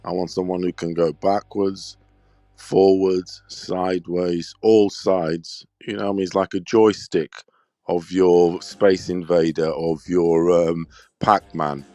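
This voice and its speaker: A man's voice: sits low, little pitch movement, slow, warm tone, no room sound. A man co-hosting a casual fight stream, blunt and crude, explaining boxing slang. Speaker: co-host. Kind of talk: casual fight commentary chat.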